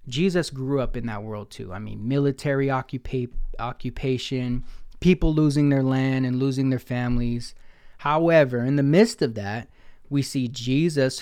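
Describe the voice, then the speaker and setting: A man's voice: mid-range voice, darkish tone, clean tone. Casual, playful young preacher man. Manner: conversational and playful, talks to himself in asides. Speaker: pastor. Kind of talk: casual sermon.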